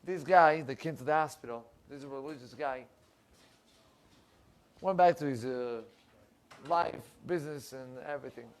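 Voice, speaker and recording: A rabbi telling a story, animated and acting out the people in it. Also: male voice, unhurried, long pauses. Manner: animated storyteller, acts out quoted voices, rising pitch in emotional lines. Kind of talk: storytelling sermon. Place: synagogue.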